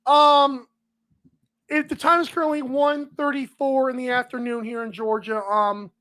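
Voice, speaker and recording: A man's voice: extremely high pitch, flat delivery, normal speed, bright, forceful tone. A man hosting a solo sports podcast, ranting emphatically and repeating lines with sarcasm. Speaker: podcast host.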